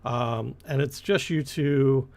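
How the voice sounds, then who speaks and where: Guy running a tabletop game, lots of uhs and restarts, ordinary pitch. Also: takes it slowly, creaky, darkish tone. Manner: rambling, with many fillers and restarts. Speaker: game master.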